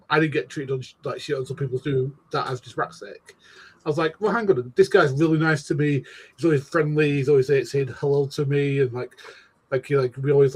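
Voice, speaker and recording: A man's voice: mid-range voice, husky. A man hosting a casual political discussion, rambling with frequent restarts and mild slang.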